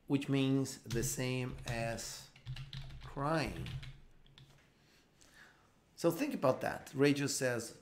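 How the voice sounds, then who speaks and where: A man teaching English in a live online session, explaining patiently and going over each point more than once. He has a mid-pitched voice and restarts his sentences often. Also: very animated, gravelly, slight background noise. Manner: explains slowly with repeats and restarts.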